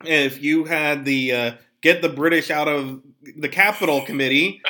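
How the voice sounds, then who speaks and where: A man hosting a podcast, talking casually about politics with animated, jokey asides. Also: fairly high pitch, moderate pace, hardly any pauses. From Pennsylvania. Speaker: podcast host.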